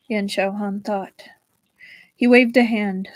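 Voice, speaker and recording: A woman's voice: fairly high pitch, a little slow, dry recording, rough recording. Woman reading a novel aloud, dry close sound. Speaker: livestream book reader.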